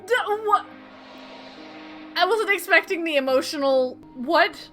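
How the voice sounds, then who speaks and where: A very high, bright woman's voice reacting to a game on stream. She is incredulous and giggly between slow lines. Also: animated, soft background music.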